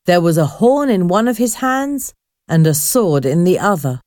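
A woman narrating a storybook in a clear, expressive reading voice. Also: lowish voice, normal speed, no room sound, studio quality.

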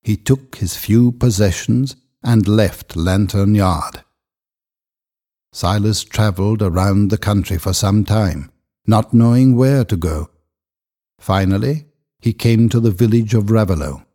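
A man narrating a story in a measured, expressive reading voice. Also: on the low side, breathy edge. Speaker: audiobook narrator.

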